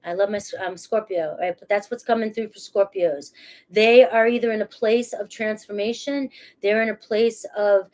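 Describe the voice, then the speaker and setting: A woman's voice: mid-range voice, steady tone, moderate pace, darkish tone. A woman giving a casual tarot reading to camera. She talks chattily and reassuringly, often adds "all right" and "okay", and restarts her sentences. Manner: laughs at herself, restarts phrases. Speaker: tarot reader.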